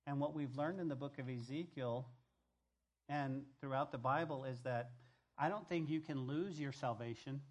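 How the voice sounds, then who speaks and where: Using a mid-range voice at a moderate pace, a male pastor preaches emphatically. Key phrases recur, and his volume rises and falls between loud and hushed.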